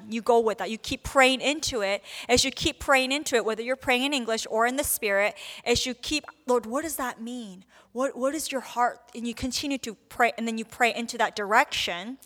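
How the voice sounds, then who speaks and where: A woman teaching on prayer in a casual, animated way, acting out the short prayers and replies she describes. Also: a little high. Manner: casual, animated, acts out little prayers and quotes. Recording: long hall reverb.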